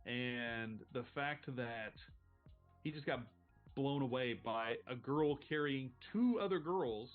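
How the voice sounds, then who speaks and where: A man's voice: mid-range voice, takes it slowly, phone-quality sound, faint music behind. A man running a tabletop game as game master, narrating casually, rambling and swearing freely.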